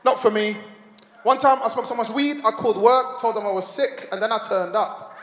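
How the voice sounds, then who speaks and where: On stage in a large hall, a man performs a stand-up comedy set, telling stories with laughter and putting on voices. His high voice is fairly bright and a little fast. The recording is echoey with long reverb and a little hiss or hum.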